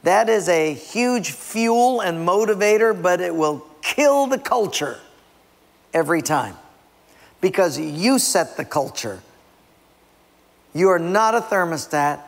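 A man's voice: a little high, creaky. A man preaching a sermon, emphatic and direct with his listeners. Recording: long reverb in a large hall.

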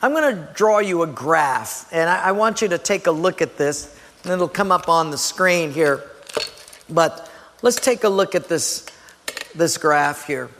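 A pastor with a high, bright tone preaches to his congregation. He is animated and jokey, slipping into quick impressions and whoops. His voice rings with the long reverb of a large church hall. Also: a little hiss or hum. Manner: animated, acts out little voices and exclamations. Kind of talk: sermon. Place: church sanctuary.

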